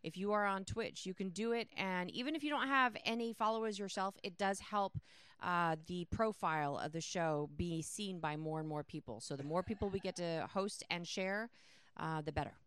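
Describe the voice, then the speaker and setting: A woman co-hosting a sports talk show, brisk and chatty, reading out listener notes. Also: fairly low pitch, fairly bright tone, clean tone, no echo. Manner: brisk, reads listener comments. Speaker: co-host. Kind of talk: casual talk show banter.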